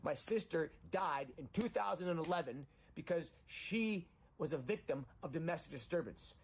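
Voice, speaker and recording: A fairly high-pitched, animated middle-aged man speaks at normal speed, distraught after a breakup and a loss. His confessional monologue is rambling, repetitive and grief-stricken, rising when agitated, with slight background noise.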